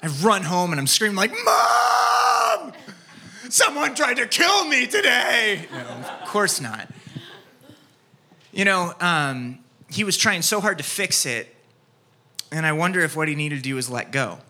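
A man preaching a sermon, telling a childhood story with lively acted-out scenes and dropping to a soft, quiet tone for his main points. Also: on the high side, moderate pace, pauses often. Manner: animated storytelling, acts out scenes, drops soft for key points. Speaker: pastor.

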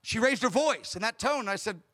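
A man's voice: high-pitched, animated, moderate pace, pushed and bright. A man preaching a sermon as a pastor, emphatic, acting out dialogue as he tells stories. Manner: emphatic, acts out dialogue in storytelling.

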